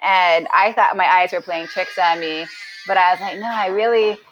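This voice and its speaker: A woman's voice: fairly low pitch, fairly even intonation, normal speed, a bit bright, highs cut off, slight background noise. A woman, a podcast guest, telling a story casually with lots of restarts and acted-out quotes.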